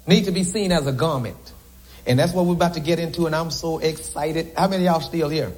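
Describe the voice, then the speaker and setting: A man's voice: on the high side, fairly quick, a little mellow, low-quality recording. A man a sermon to a congregation, folksy and joking with asides to the crowd. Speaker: preacher.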